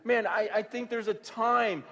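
A man preaching a sermon, telling a story in a conversational way that swings from hushed to sudden loud bursts. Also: high-pitched, steady tone, measured pace, big-room sound, lo-fi sound. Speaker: pastor.

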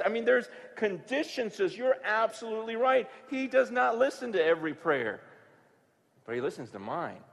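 A man preaching a sermon, telling a story in a conversational way that swings from hushed to sudden loud bursts. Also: high voice, big pitch swings, moderate pace, creaky, in a large hall. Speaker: pastor.

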